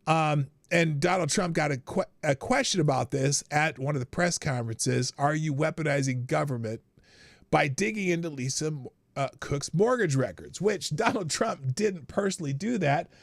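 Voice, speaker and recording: A man's voice: a little high, moderate pace, no echo. An older man hosting a live news commentary stream, chatting casually, laughing often and reading articles aloud with his own asides.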